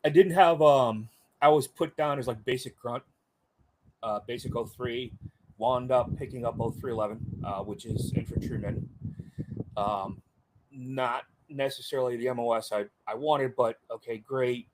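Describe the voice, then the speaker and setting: A man's voice: medium pitch, fairly even intonation, normal speed, darkish tone. Veteran guest, middle-aged man, chatty and rambling, plain everyday voice. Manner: rambling, many fillers, voices others in quotes. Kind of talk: casual storytelling in an interview.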